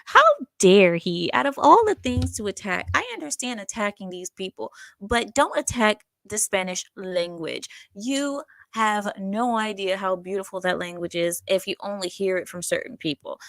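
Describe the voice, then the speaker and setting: Woman commentator, sassy and blunt, mid pitch, dry close sound. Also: animated, normal speed, few pauses, a bit bright, no echo. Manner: sassy, blunt, scolding asides. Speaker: reaction commentator. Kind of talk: casual reaction commentary.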